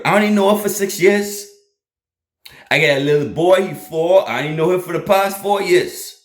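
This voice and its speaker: Animated man telling a story. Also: on the high side. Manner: animated, laughing, repeats lines for emphasis. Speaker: host of a faith channel. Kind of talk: casual storytelling to an online audience. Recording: echoey room.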